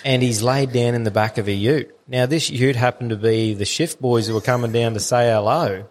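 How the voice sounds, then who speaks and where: A man's voice: mid-range voice, steady tone, brisk. A man with an Australian accent co-hosting a podcast, telling rambling, swear-filled stories with a lot of laughter. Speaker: podcast co-host. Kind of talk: casual chat.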